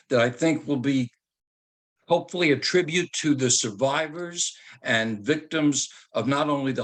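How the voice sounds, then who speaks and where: An older man, a speaker and author, gives a storytelling talk over a video call. His mid-range voice is a bit bright, and he comes across teacherly and joking, posing rhetorical questions.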